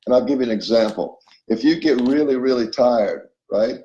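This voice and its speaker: A man's voice: mid-range voice, moderate pace, warm tone, echoey room, highs cut off. A man as an interview guest, explaining spiritual self-help ideas and checking in often with his listener. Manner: explanatory, acts out inner voices, checks in with listener.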